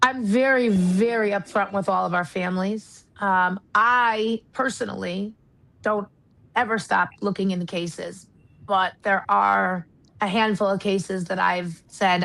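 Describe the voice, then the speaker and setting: A woman's voice: medium pitch, fairly even intonation, a little slow, gravelly, fairly bright tone, poor audio. A woman from the United States, a retired marshal and paranormal investigator, speaking earnestly and candidly as an interview guest. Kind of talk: casual interview talk.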